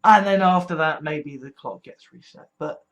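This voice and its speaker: A frightened vlogger speaks straight to camera, voice mid-pitched and unsteady. The talk comes in halting bursts full of swearing and restarts, the sound of someone genuinely scared. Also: a bit bright. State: scared and distressed. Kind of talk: personal political vlog.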